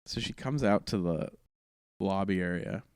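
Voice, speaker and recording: The man speaks in a smooth, clear voice that sits at an ordinary pitch. He tells his story casually, in a rambling way, and keeps restarting his sentences. The sound is close and dry, with no room around it. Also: normal speed, darkish tone, no room sound. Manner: rambling, self-correcting, laughing through the story. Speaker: comedian guest.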